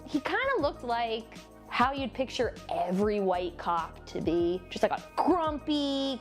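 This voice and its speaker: A woman in her twenties with a New Jersey accent, telling a storytime vlog in an animated, self-mocking way. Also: on the high side. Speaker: vlogger. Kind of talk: casual storytime monologue.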